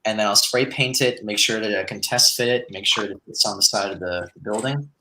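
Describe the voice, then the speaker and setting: A man's voice: fairly low pitch, fairly quick, noisy background. A man from the United States, a guest modeller on a live stream, explaining his work casually with many fillers. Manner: relaxed, rambling explanations with fillers.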